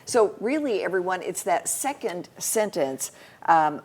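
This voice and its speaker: A woman's voice: fairly low pitch, expressive, measured pace, darkish tone. A woman news anchor hosting a political panel, prompting her guests with conversational questions.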